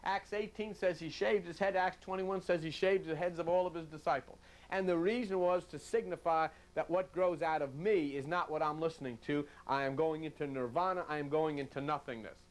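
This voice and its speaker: Animated folksy preacher man, high voice. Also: fairly quick, hardly any pauses. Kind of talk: sermon.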